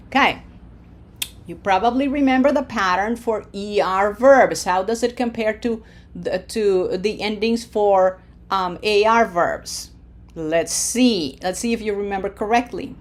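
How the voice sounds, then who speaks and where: A woman's voice: mid-range voice, measured pace. A woman teaching a Spanish lesson from slides, drilling verb forms aloud with long, stretched vowels. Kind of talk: slide-based language lesson.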